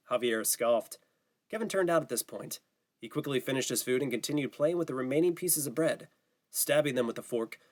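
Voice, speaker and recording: A man narrating an audiobook in a steady, even reading style. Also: medium pitch. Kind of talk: scripted narration.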